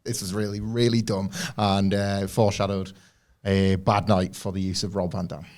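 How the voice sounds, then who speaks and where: A man co-hosting a podcast, chipping in with sarcastic quick remarks. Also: deep voice, flat delivery, darkish tone. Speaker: podcast co-host. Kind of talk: casual chat.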